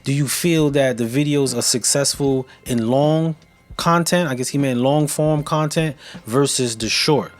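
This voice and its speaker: A man hosting a live show who interviews his guest casually, reads out viewer questions and gives upbeat shout-outs in laid-back slang. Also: medium pitch, a little slow. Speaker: show host.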